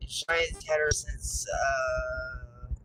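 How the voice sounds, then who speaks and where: Woman, 50s, grandmother, casual chat, halting, lots of fillers, lively pitch, noisy recording. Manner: rambling, halting, with many fillers and restarts. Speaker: grandmother telling family stories. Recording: noisy with vehicle and background hum.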